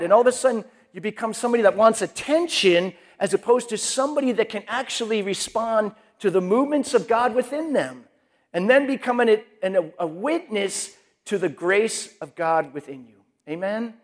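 A man's voice: sits high, animated, normal speed. A man preaching a sermon in a conversational way, acting out people's inner voices.

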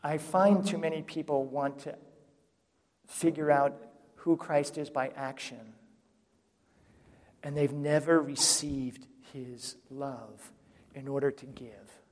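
A man's voice: on the high side, fairly even intonation, slow, a little mellow. Conversational male preacher in echoey hall. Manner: conversational, checks in with listeners often. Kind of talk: sermon. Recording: echoey hall with long reverb.

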